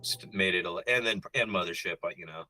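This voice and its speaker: A man's voice: low-pitched, a little fast, pushed and bright, rough recording. A male guest reminiscing in a rambling way, with many restarts. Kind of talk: casual chat.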